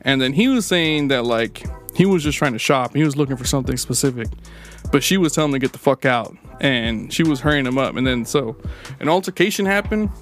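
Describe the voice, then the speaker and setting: A man's voice: medium pitch, expressive, fairly quick, faint music behind. A man co-hosting a casual podcast, telling rambling, profane stories packed with fillers. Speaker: podcast co-host. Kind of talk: casual storytelling chat.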